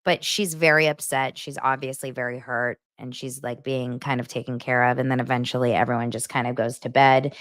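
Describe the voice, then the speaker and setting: A woman in her thirties hosts a casual podcast recap. She talks in a low, gossipy voice full of "like" and "you know". The sound is dry and close. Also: little pitch movement, fairly quick, few pauses, no room sound. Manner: chatty, gossipy, filler-heavy. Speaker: podcast host.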